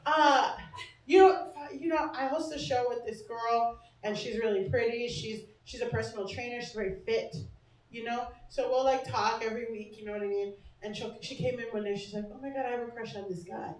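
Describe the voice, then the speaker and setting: A woman's voice: a little high, fairly even intonation, fairly quick, darkish tone. A young woman hosting a comedy show and doing a stand-up set, brash and self-mocking, swearing freely and laughing often. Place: small comedy bar stage. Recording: echoey club, mic heard from a distance.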